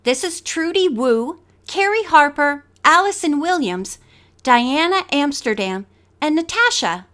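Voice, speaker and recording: A woman voicing a soft-spoken, kind young woman model who talks gently. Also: high voice, expressive, a little slow, voice pushed up. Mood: gentle.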